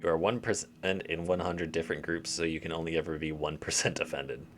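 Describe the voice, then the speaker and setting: A man's voice: low voice, steady tone, a little fast, slight background noise. A young man streaming a game live, rambling and joking to himself and to his chat. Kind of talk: casual live-stream commentary.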